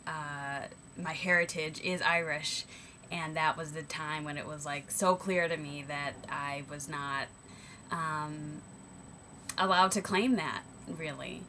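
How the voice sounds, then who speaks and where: A woman's voice: low voice, fairly even intonation, takes it slowly, sharp tone, slight background noise. A young American woman talking reflectively to her camera, hesitant and thoughtful, with frequent ums and self-corrections. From United States. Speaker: vlogger. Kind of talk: reflective personal vlog monologue.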